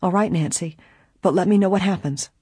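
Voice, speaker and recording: A reader voicing a fretful older woman housekeeper, exclaiming anxiously, in a husky voice. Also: on the low side, fairly quick, warm tone, no echo. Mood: worried.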